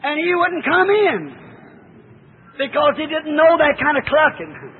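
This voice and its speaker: A man preaching a fervent sermon, often slowing and rising into shouted cries. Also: very high voice, very animated, a little hiss or hum. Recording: tinny lo-fi old recording.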